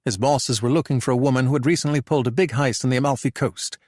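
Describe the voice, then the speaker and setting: A male audiobook narrator reading a suspense thriller in a measured, even delivery at a middling pitch. His voice is recorded close and dry, with no room sound around it. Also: no room sound.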